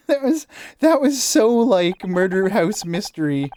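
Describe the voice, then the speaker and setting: A man's voice: sits high, takes it slowly, slight background noise. A man hosting a let's-play, chatting casually with lots of laughter and self-mocking asides. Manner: giggly, animated, self-mocking. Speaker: gaming channel host.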